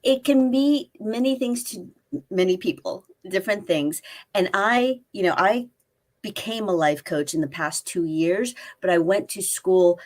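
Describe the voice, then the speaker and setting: A woman's voice: medium pitch, measured pace, a little mellow. A woman in her fifties, a life coach and guest, chatting casually and telling stories, acting out quoted dialogue. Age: 50s. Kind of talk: casual interview chat. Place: spare room at family home.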